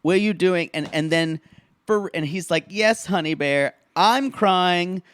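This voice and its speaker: A man co-hosting a podcast, telling show moments in an animated, raunchy way and laughing often. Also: high-pitched, measured pace, clean tone. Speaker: podcast co-host. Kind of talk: casual comedic recap chat.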